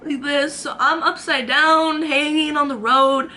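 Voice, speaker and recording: Young woman, bright and high, dramatic storytime delivery into a camera mic, faint hiss behind. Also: steady tone, a little slow. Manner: chatty and dramatic, acts out quotes. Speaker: vlogger. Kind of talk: storytime vlog. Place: her own room.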